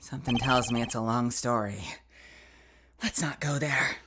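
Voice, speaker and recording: A woman voicing a puzzled young male defense lawyer in a game, asking halting, hesitant questions in a lowered voice. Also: heavy background noise.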